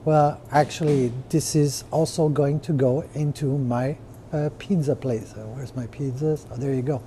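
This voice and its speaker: Man with a dark, mellow voice. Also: medium pitch, fairly even intonation, moderate pace, a little hiss or hum. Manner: conversational, many fillers and rhetorical "right?". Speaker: restaurant owner podcaster. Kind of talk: casual explanatory walkthrough.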